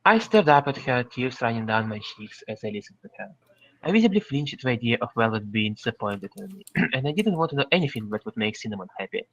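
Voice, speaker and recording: Man reading a fan story aloud, lively. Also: mid-range voice, fast, no room sound. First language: Russian. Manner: lively, with frequent stumbles and throat-clearing. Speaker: reader. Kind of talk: amateur fan-fiction reading. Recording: dry, slightly muffled voice-chat audio.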